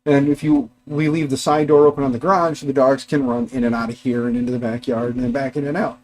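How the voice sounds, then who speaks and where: A man's voice: medium pitch, little pitch movement, fast talker, darkish tone, a little hiss or hum. A middle-aged man hosting a casual livestream from his garage workshop, rambling chattily and talking to his dogs and viewers. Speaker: livestream host.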